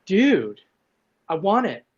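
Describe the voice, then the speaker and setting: A man's voice: sits high, sing-song, takes it slowly, dull audio. A man hosting a livestream, chatting playfully and teasing his guest while putting on a silly accent. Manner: jokey, put-on silly accent, teasing banter. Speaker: livestream host.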